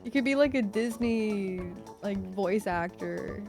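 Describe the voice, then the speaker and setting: A woman co-streamer chatting casually, excitable, swearing and laughing a lot. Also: mid-range voice, unhurried, over music. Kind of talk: casual chat on a livestream.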